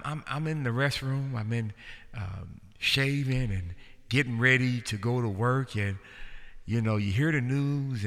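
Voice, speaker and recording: Animated man hosting a comedy show. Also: medium pitch. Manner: animated storytelling, slows down for punchlines. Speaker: host. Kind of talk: stand-up comedy routine to a live audience. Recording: crowd and room noise. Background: audience laughter.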